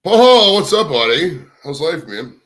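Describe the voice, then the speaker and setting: A young man hosts a casual livestream from indoors at home, his slightly high voice sing-song, a bit bright, and measured in pace. He rambles and swears while chatting with his viewers.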